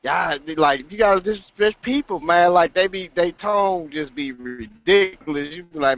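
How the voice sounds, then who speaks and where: A man's voice: high voice, moderate pace, hardly any pauses, fairly bright tone. Man, guest, loose casual chat, constant filler "man", lo-fi muffled recording. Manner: loose, sprinkles "man" into every phrase. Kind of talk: casual online talk show chat.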